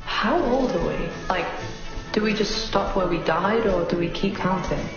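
A woman's voice: on the low side, normal speed, echoey room, dull audio, music in the background, natural voice. A woman voicing a cheeky female ghost animatronic chicken in an animation, teasing and mocking. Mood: curious.

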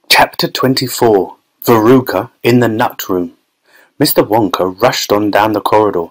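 A man reading a children's novel aloud as an audiobook narrator in a measured, clear storytelling manner. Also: lowish voice, fairly even intonation, low-quality recording. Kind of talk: scripted narration.

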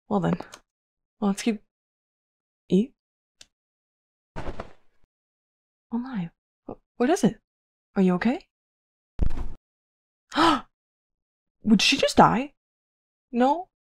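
A young woman giving casual, excitable commentary while playing a horror game, gasping and exclaiming often. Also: mid-range voice, husky. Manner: excitable, gasps and frequent exclamations. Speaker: let's play gamer.

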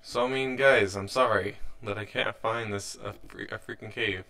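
A man's voice: lowish voice, steady tone, moderate pace, gravelly, sharp tone. A young man hosting a let's play, giving rambling, casual commentary as he plays, often restarting his sentences and sounding mildly frustrated.

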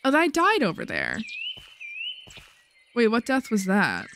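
A woman's voice: fairly high pitch, wildly swooping pitch, slow pace, vocal fry, a bit bright, slight background noise. A woman hosting a casual let's-play video, chatting playfully to herself as she plays. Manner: playful, chatty, talks to herself while playing. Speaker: gaming video host.

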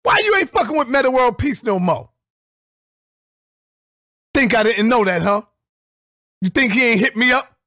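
A middle-aged man delivering an angry, profane call-out rant as a vlogger, confrontational and bursting into shouts. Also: extremely high pitch, lively intonation, moderate pace, pauses often, no echo, studio quality.

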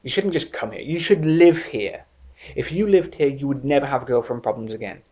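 A man doing an excitable high-voiced American woman. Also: normal speed, dull audio, natural voice. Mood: eager.

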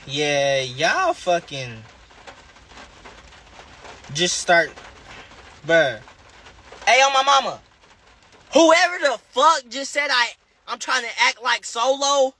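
A Southern American man with a strikingly high speaking voice chats casually into his phone on a livestream. His tone is sharp and bright, with a husky, raspy grain under it. He rambles and curses freely, firing back at whatever viewers type in. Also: lively intonation, slow pace, pauses often. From Charlotte, North Carolina. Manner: rambling, profane, talks back to viewers' comments. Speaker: rapper hosting a livestream.

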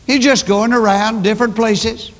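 Older pastor, high voice, emphatic storytelling sermon, long church reverb. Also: male voice, steady tone, normal speed. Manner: emphatic preaching, storytelling with repetition. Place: large church.

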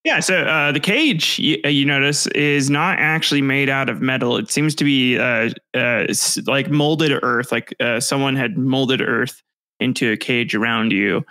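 A man's voice: mid-range voice, pushed and bright, no room sound. Young male game master, loose and rambly, dry close sound. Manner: casual, halting, laughs at his own descriptions. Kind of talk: narrating a tabletop game.

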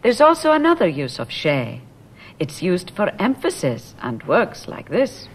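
Slow, lively-voiced woman teaching grammar. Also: on the low side, a little hiss or hum. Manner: slow, clear, explaining grammar. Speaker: language teacher narrator. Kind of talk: scripted language lesson narration.

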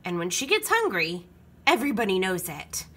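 A woman reading a children's picture book aloud with expressive storytelling. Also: mid-range voice, normal speed, husky.

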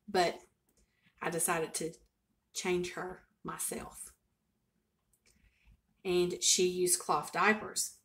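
Folksy older woman storyteller. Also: fairly low pitch. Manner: folksy, chatty, expressive storytelling. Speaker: home cooking vlogger. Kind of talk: casual storytelling to camera.

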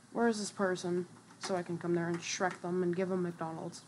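A woman's voice: lowish voice, flat delivery, moderate pace, a little mellow, a little hiss or hum. A woman giving casual gameplay commentary as a streamer, chatty and trash-talking, with lots of fillers. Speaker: gaming streamer.

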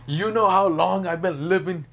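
A man putting on an ancient male dragon sealed in a gauntlet, bellowing curses at two brats in a fan storybook telling. He sounds cranky, loud and wound tight, his pitch jumping high when he yells. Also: monotone, normal speed, close to an everyday voice. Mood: angry. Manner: angry, cursing, shouting.

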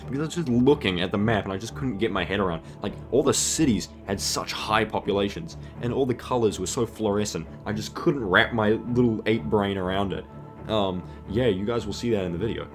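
A man giving casual gameplay commentary, excitable and profane, with sudden loud outbursts. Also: deep voice, a little fast, soft background music. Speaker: gaming video creator.

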